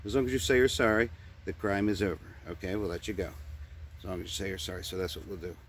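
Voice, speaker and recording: A man's voice: deep voice, steady tone, quick pace, a little hiss or hum. A man doing an improvised comic sketch with a puppet, stammering, repeating words and rambling. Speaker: puppeteer comedian.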